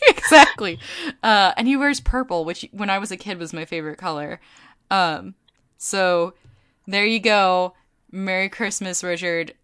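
A woman's voice: mid-range voice, a little slow, fairly bright tone, clean tone. A woman co-hosting a podcast in casual chat, rambling with plenty of fillers. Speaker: podcast co-host.

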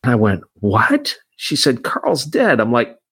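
A man's voice: mid-range voice, wildly swooping pitch, unhurried, fairly bright tone, slightly rough, dry recording. A man who works as an insurance agent, telling a long personal story in a casual, rambling way with frequent restarts. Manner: anecdotal, many restarts.

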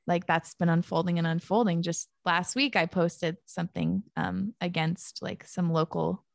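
Young woman guest on a podcast, chatty, lots of "like", creaky fry, dry close sound. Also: fairly low pitch, steady tone, normal speed, no room sound. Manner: chatty, fills speech with "like", laughs often. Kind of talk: casual conversation.

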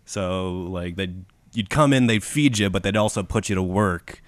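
A podcast host with a Chicago accent and a low voice tells a history story from his notes, crude, irreverent and laughing as he goes. He speaks at a normal pace in casual chat, with no echo on the recording.

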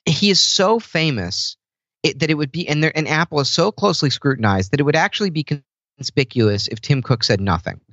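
A man's voice: a little high, animated, fairly quick, fairly bright tone, dry recording, muffled recording. A man talking casually as a podcast guest, rambling with lots of fillers and restarts. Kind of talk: casual conversation.

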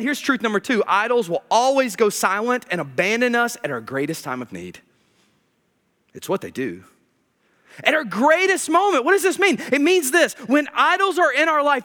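A man preaching a sermon, animated and joking, swinging between loud emphatic peaks and low quiet asides. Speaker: pastor.

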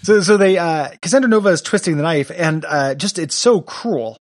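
A man's voice: a little high, moderate pace, no echo, clean studio sound. A man co-hosting a podcast, chatting casually about a comic book, rambling with lots of fillers and reading out lines. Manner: rambling, many fillers, reads villain lines aloud. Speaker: podcast co-host.

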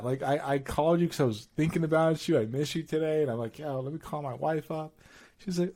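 A middle-aged man co-hosting a casual podcast chat, telling lively stories with slang and laughter. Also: fairly high pitch, brisk. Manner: animated storytelling with laughs and slang. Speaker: podcast co-host.

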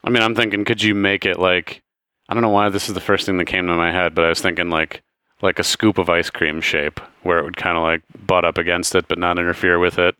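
A man's voice: sits low, level tone, fast, bright, forceful tone, clear, resonant tone, dry recording, clean studio sound. A man running a tabletop game as game master, casual and joking in his rulings.

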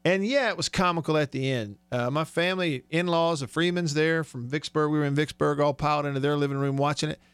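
A chatty man hosts sports talk radio with an upbeat manner and frequent laughs. His voice sits a little high for a man. The studio mic gives a dry, close sound. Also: fairly even intonation, fast talker, few pauses, a bit bright, clear, resonant tone, no echo. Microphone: studio microphone.

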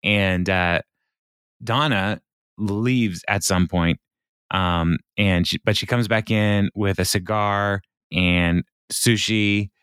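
A man's voice: on the low side, steady tone, slow, fairly bright tone, clean tone, dry recording, studio quality. A man co-hosting a podcast, retelling scenes in a rambling casual way and chuckling often. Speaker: podcast co-host. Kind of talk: casual chat.

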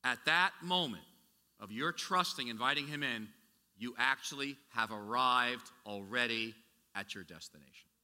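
A man's voice: medium pitch, normal speed, bright, forceful tone, long reverb tail. A man preaching a sermon as a pastor, talking conversationally with rhetorical questions and frequent restarts.

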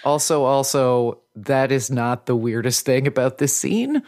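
A woman's voice: very deep voice, unhurried, darkish tone. A woman podcast co-host chatting in a rambling, playful way. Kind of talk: casual chat.

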